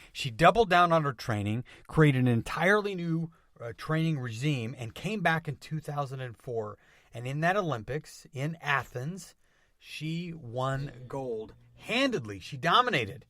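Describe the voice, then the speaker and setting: A man hosting a motivational podcast, speaking with energetic emphasis and returning to catchphrases again and again. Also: a little high, measured pace, no room sound, clean studio sound. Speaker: podcast host.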